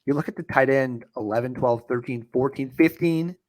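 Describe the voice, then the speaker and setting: A chatty man from Canada co-hosting a fantasy football podcast. He speaks at an everyday middle pitch. His tone is relaxed and joking, and he pokes fun at himself. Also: normal speed. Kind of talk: casual sports podcast banter.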